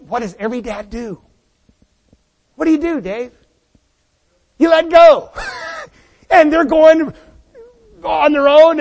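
A man with a high voice delivers a sermon. He preaches in an animated way and keeps asking the congregation rhetorical questions. His voice rings with the long reverb of a hall. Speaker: pastor.

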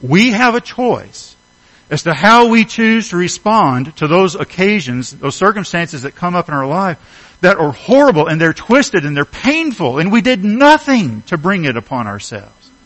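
Middle-aged guy preaching, slightly high voice, big lively swings, keeps throwing questions at the folks. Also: a little slow, rough recording. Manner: earnest, emphatic preaching with rhetorical questions. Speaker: pastor. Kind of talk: sermon.

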